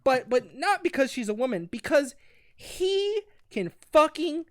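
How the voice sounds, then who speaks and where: A man co-hosting a casual podcast, talking in an animated, profane and mocking way. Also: very high-pitched, a little slow, no room sound, clean studio sound. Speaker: podcast co-host. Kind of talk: casual chat.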